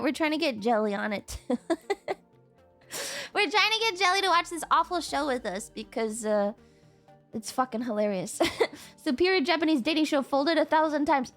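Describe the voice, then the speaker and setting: A woman streamer chatting casually and telling stories with lively acted-out quotes and frequent laughter. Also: sits high. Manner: animated storytelling, acts out quotes, frequent laughter. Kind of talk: casual livestream chat.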